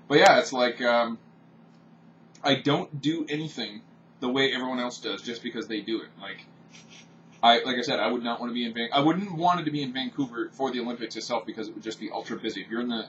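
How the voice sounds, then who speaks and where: A man vents in a blunt, opinionated monologue full of profanity, his voice bright and forceful. He sits back from the mic, so he sounds distant. The audio is dull and home-recorded. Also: medium pitch, a little hiss or hum. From Canada. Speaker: vlogger. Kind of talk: off-the-cuff ranting monologue.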